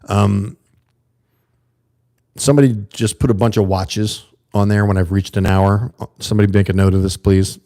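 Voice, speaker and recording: A middle-aged man hosting his own livestream in a casual, rambling monologue. His voice sits low and mellow, earnest and direct as he answers viewers in the chat. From USA. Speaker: livestream host.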